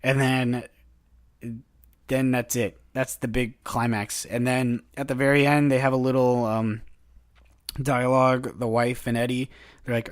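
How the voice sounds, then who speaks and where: A man's voice: mid-range voice, little pitch movement, clean tone. A man, a guest reviewer, casually retelling a film plot with many fillers and restarts. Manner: halting, full of uh and um fillers.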